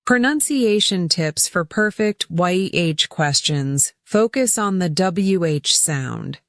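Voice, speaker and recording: A woman narrating a scripted English lesson, speaking deliberately and repeating words for pronunciation drills. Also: lowish voice, expressive, dry recording, studio quality. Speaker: English teacher.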